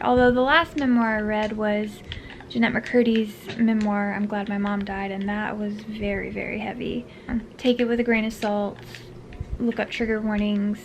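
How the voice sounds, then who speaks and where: With slight background noise behind her, a woman with a mid-range voice and vocal fry chats to camera about books. She's tired and yawning, rambling through lots of fillers and dropping the odd whispered aside in this casual talk.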